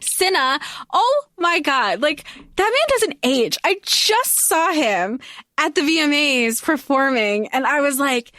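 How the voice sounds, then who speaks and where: Lively, expressive woman podcast co-host. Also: high-pitched, slow pace, no room sound, clean studio sound. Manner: bubbly, laughs often, excitable. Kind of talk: casual chat.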